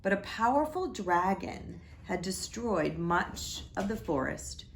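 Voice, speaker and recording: Slow gravelly woman reading a picture book. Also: medium pitch, very animated, a little hiss or hum. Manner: gentle, pauses to point at pictures. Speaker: story time reader. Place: church.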